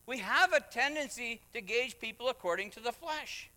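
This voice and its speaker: A man's voice: high voice, sing-song, a little fast, few pauses, bright, forceful tone. A man preaching a sermon as pastor, emphatic, with acted asides and rising refrains. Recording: reverberant hall.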